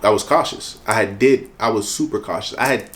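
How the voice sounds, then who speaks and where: In a casual interview about his work as an event organizer, a man talks earnestly and often restarts his sentences. His voice sits on the low side and runs a little fast.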